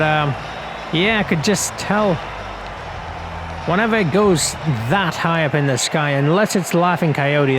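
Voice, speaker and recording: A young man with a fairly high voice talks through a cricket video game in a chatty, self-mocking way, laughing often. The roar of a stadium crowd and steady noise sit clearly behind him. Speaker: gaming commentator. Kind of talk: casual commentary over a cricket video game.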